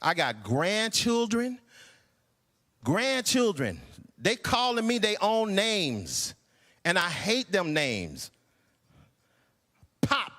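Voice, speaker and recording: A man in his sixties performing a stand-up comedy routine, incredulous and animated. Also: high-pitched, long reverb tail. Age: 60s. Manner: animated, incredulous, acts out voices. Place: church hall stage.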